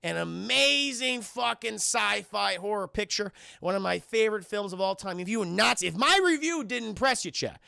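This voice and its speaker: A man streaming a profane, jokey film recap to his chat, in an animated way. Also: sits high, gravelly, no room sound, studio quality.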